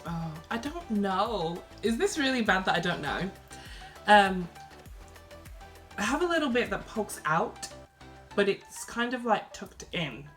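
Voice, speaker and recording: A young woman from Birmingham with a softened Brummie accent, chatting casually through a Q&A vlog, reading each question aloud and answering with lots of ums and likes. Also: medium pitch, big pitch swings, unhurried, long pauses, soft background music. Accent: Birmingham English, softened. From Birmingham, England. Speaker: vlogger.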